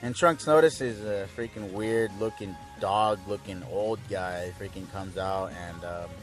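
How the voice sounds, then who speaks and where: A man's voice: low voice, measured pace, soft background music. A young man casually recapping a cartoon episode, laid-back and crude with lots of fillers.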